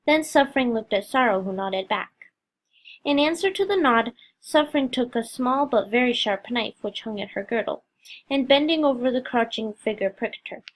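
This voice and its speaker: A woman reading a Christian allegory aloud in a steady, expressive storytelling manner. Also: on the high side. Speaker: reader.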